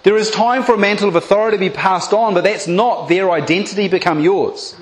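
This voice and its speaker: Animated high-voiced man preaching. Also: brisk. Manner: animated storytelling, acting out biblical voices. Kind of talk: sermon.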